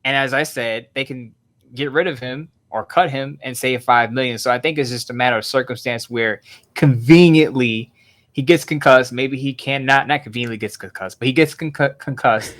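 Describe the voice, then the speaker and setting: A man's voice: mid-range voice, normal speed. A man co-hosting a sports podcast as an NFL writer, laughing easily and breaking down games with energy. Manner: laughs easily, animated analysis. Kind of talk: casual sports chat.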